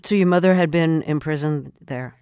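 An interviewer asking gentle, probing questions. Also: mid-range voice, normal speed, smooth, no echo, clean studio sound.

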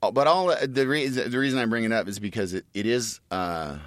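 A man's voice: mid-range voice, brisk, no room sound, clean studio sound. A middle-aged man in casual chat, telling family stories in a rambling way with many restarts.

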